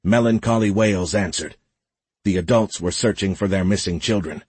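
A man narrating an audiobook in a steady, measured storytelling voice. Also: low-pitched, husky, no room sound. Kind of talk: scripted narration.

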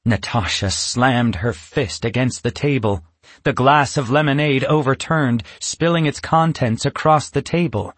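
A man narrating a children's storybook in a lively, expressive way. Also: medium pitch, unhurried, no room sound. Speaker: audiobook narrator.

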